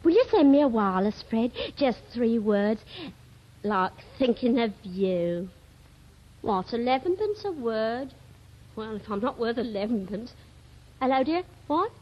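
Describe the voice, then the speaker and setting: A woman's voice: on the high side, expressive, unhurried. An actress playing a young woman on the telephone to her sailor sweetheart, clingy and jealous, chattering breathlessly in a 1930s radio comedy. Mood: fond. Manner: breathless one-sided phone chatter, fretful and pleading. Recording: dull old radio archive recording.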